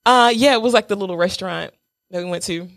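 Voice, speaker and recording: A woman's voice: medium pitch, quick pace, vocal fry, dry recording. A young adult woman co-hosting a podcast, telling a story in a playful, casual way and acting out what others said. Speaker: podcast co-host.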